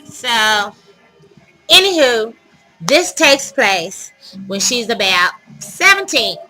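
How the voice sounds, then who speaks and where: Woman, vlogger, casual storytelling, animated and dramatic, very bright sharp tone, high voice. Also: slow pace, faint music behind, low-quality recording. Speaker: vlogger telling her dating stories.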